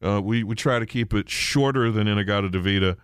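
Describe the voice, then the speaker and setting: A man's voice: on the low side, brisk, clear, resonant tone, no room sound, studio quality. A middle-aged man hosting a radio show, chatting casually and reminiscing. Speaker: radio host.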